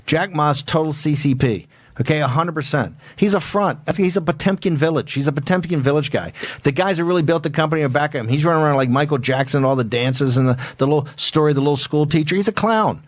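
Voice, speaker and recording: A man hosting a political talk show, speaking in a combative, rapid-fire, emphatic way. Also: a little high, no echo. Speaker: host.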